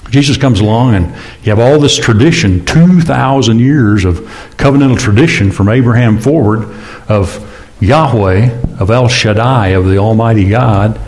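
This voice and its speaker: Low-voiced preacher, chatty and rhetorical. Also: male voice, normal speed, darkish tone. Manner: conversational, with rhetorical questions and sudden rises in pitch. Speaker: pastor. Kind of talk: sermon.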